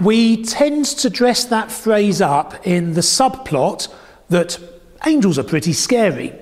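Man preaching in a reverberant hall. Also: sits high. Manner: storytelling with dramatic pauses and hushed repeated phrase. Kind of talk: sermon.

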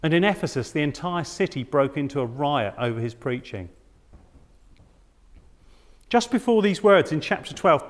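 Male preacher with a dramatic, emphatic sermon style and a somewhat high voice, recorded in a hall with long reverb. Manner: dramatic, emphatic, with rhetorical questions.

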